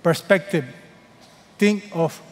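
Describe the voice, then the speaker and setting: Man, pastor, sermon, emphatic, dramatic pauses, hushed drops, fairly high voice, long hall echo.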